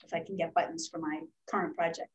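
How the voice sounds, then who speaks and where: A woman's voice: low-pitched, steady tone, quick pace, a little hiss or hum, rough recording. Chatty older American woman host. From Philadelphia, United States. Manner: chatty, tells stories, laughs at herself. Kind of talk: casual video chat.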